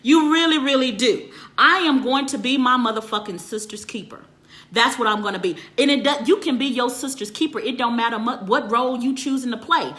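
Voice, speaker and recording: High, bright-voiced woman ranting profanely. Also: a little fast. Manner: profane and emphatic, swears constantly; answers viewers' comments live. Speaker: relationship counselor. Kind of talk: ranting monologue to viewers.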